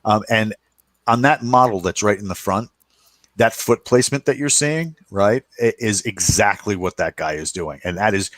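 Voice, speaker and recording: A man's voice: fairly low pitch, moderate pace, a bit bright, no echo. A man hosting a podcast in casual chat, talking in a loose, rambling way with restarts and slang. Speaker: podcast host.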